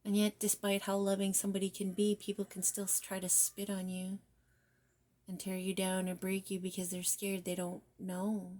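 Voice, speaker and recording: A woman giving a spiritual guidance card reading, soft and reflective, often slipping into near-whispers and casual, mildly profane phrasing. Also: mid-range voice, completely flat delivery, normal speed. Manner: casual, with mild swearing. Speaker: tarot reader.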